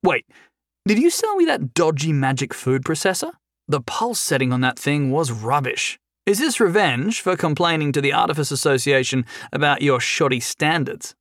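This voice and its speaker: A man's voice: on the high side, no room sound, studio quality. A man doing a wisecracking captive hero. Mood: mocking. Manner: sarcastic, quick, lively. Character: chained young man, wisecracking and nervously flippant.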